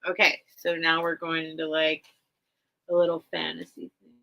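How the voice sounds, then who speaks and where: In a rough recording, a woman's deep, gravelly voice comes across monotone, pushed and bright, at normal speed. Hosting a casual livestream as a seller, she reads a children's book aloud and rambles chattily between pages, heavy on "like" fillers, teary and close to crying.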